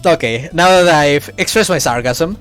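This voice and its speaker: A man's voice: a little high, moderate pace, a bit bright, soft background music. A man streaming a game live, chatting loosely and tripping over his words as he reads along. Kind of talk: live game playthrough with read-aloud dialogue.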